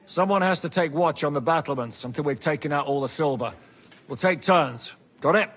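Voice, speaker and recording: An actor playing a bold captain who gives rousing orders. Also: male voice, a little high, fairly quick, a bit bright. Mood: commanding. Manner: commanding, rousing.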